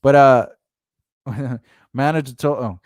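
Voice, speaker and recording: A man's voice: medium pitch, slow, darkish tone, no room sound, clean studio sound. A man co-hosting a podcast, telling a story in casual chat. He acts out the quoted dialogue and laughs often as he goes. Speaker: podcast co-host.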